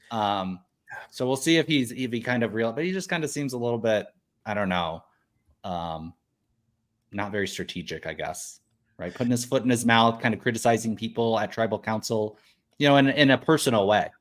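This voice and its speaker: A man's voice: medium pitch, fairly bright tone. A man co-hosting a podcast in casual chat, laid-back and joking. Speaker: podcast co-host. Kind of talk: casual chat recapping a reality show.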